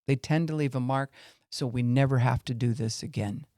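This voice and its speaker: A man's voice: medium pitch, moderate pace, mellow, no room sound, clean studio sound. A man giving an earnest faith-based teaching talk on a podcast, acting out voices to make his points. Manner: earnest, acts out angry and weary voices to illustrate. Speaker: Christian podcast speaker.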